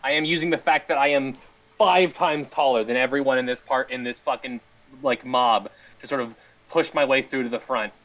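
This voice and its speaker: A man playing a tabletop game, talking casually and swearing as he describes what his character does. His pitch is average, and the recording is dull and lo-fi. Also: fairly even intonation, moderate pace, fairly bright tone. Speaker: player.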